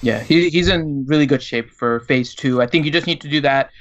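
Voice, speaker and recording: Male co-host, slightly high voice, relaxed, muffled lo-fi sound. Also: brisk. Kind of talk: casual gaming chat. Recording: dull lo-fi audio.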